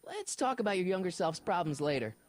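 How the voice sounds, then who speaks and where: A man's voice: sits high, very animated, fairly quick, dry recording. A man voicing a casual, blunt teenage boy in a video game.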